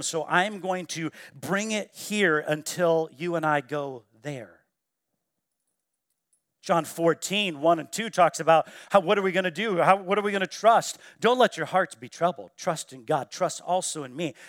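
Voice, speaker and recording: A man preaching a sermon in church, swinging between loud exclamations and hushed, quiet quoting. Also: on the high side, no room sound, studio quality. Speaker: pastor. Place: church sanctuary.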